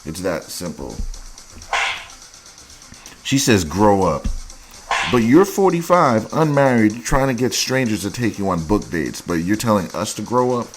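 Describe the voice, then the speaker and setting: Blunt, low-voiced male dating host. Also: very animated, moderate pace, over music. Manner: blunt, crude and mocking. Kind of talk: reaction commentary on dating profiles.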